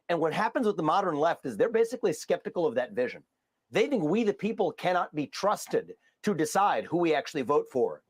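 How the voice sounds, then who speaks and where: A male politician answering an interview in a measured, formal, speechlike way. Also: a little high, slightly rough.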